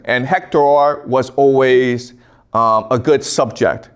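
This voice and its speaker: A man's voice: a little high, slow pace. A man lecturing in a casual storytelling style, often checking in with "okay?". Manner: conversational, tags lines with "okay?".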